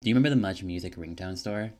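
A man's voice: sits low, very fast, a little mellow. A young adult man co-hosting a podcast, chatting in a wry, matter-of-fact way. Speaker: podcast co-host. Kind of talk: casual chat. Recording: noisy mic.

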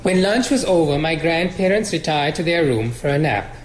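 A male author reading his fiction aloud in a measured, expressive way at a college lecture. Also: fairly high pitch, roomy sound, slight background noise, rough recording.

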